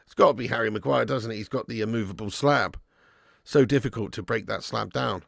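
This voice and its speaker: A man's voice: mid-range voice, brisk, vocal fry, a bit bright, dry recording, clean studio sound. A man hosting a live football watch-along stream, bantering and laughing as he reads out viewer messages.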